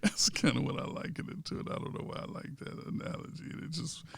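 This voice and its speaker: Man, podcast co-host, pastor, rough gravelly voice, dry close sound, storyteller. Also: on the high side, fast, dry recording. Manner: storytelling, builds to loud animated punchlines. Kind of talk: casual sports and politics chat.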